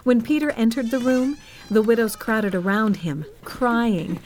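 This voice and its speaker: A woman narrating a Bible story for children in a gentle, expressive scripted style. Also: a little high, measured pace.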